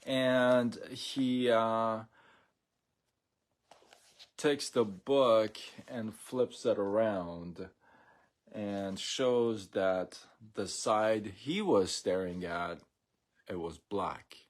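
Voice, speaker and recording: A man hosting a casual live stream, talking in a relaxed, rambling way with many fillers and restarts. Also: lowish voice, drawn-out words.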